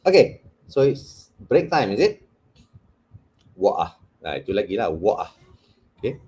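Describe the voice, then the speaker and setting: A man's voice: mid-range voice, sing-song, fairly quick, dark tone. A man with a Malaysian English accent, leading a workshop lecture as an English trainer. He often slips into Malay and keeps checking in with "okay?".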